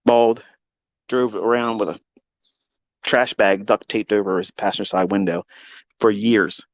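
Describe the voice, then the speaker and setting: A man hosting a live audio chat, telling a long story in a profane, mocking, animated way. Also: fairly low pitch, measured pace, no room sound. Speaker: Twitter Space host. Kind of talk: casual storytelling rant. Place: lives in Maryland.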